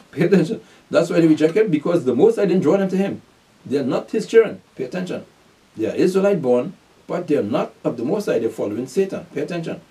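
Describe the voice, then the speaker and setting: A male preacher with a mellow, somewhat high voice teaches a sermon, recorded from far off the mic. He reads scripture aloud, then explains it in street slang, repeatedly saying "pay attention" and asking and answering his own questions.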